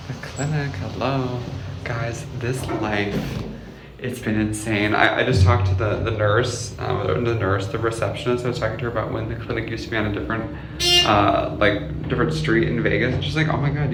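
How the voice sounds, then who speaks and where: A man's voice: mid-range voice, noisy background. Candid young man venting on a vlog. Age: 20s. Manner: candid, swearing, jumps between joking and venting. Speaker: vlogger. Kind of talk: casual vlog talk to camera. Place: out and about, car and stores.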